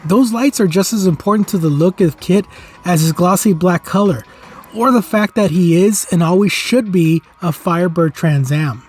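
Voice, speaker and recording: A man's voice: sits high, moderate pace, a little mellow, breathy edge, soft background music. A middle-aged man hosting a toy review channel, narrating from a script in an enthusiastic, nostalgic, earnest way.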